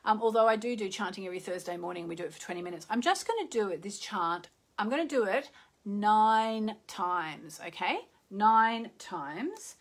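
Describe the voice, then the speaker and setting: A woman's voice: mid-range voice, animated, moderate pace. A middle-aged Australian woman, an astrologer chatting casually and rambling with many fillers on a live stream. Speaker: astrologer hosting a live show.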